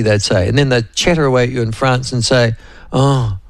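A New Zealand man hosts a radio show in a rambling, digressive way, packed with fillers and asides to his co-host, and he addresses both the co-host and listeners by name. His mid-range voice holds a steady tone at a moderate pace, with no echo.

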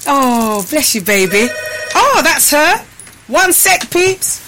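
A woman with a fairly high voice hosts a casual live stream, out of breath as she chats to her viewers. Her talk is loose and friendly, full of fillers as she fills time between songs. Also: big pitch swings, takes it slowly, pushed and bright, faint music behind, poor audio. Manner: chatty, addresses viewers as people and peeps. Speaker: host.

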